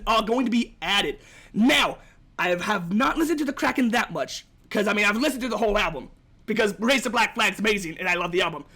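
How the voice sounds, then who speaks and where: Young male gaming creator, very high and animated voice, gushes and rambles like a fan. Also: a little fast. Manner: enthusiastic, rambling, fanboying with frequent restarts. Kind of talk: excited game update commentary.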